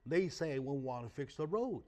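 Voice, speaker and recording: A man's voice: fairly high pitch, animated, moderate pace, darkish tone. A man whose first language is Chinese hosting a talk show, emphatic and fond of rhetorical questions with a tag "right?". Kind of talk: animated interview talk.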